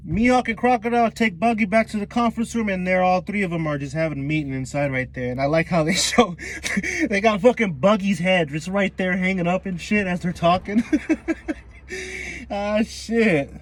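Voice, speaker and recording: A man's voice: sits high, normal speed. A man casually recapping a comic chapter in a slangy, profane way, breaking into laughter often. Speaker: manga review YouTuber.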